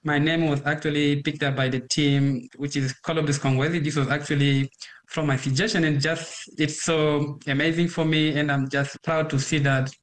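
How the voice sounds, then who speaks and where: A man, a PhD student researcher, speaking earnestly in a halting interview clip. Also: on the high side, flat delivery.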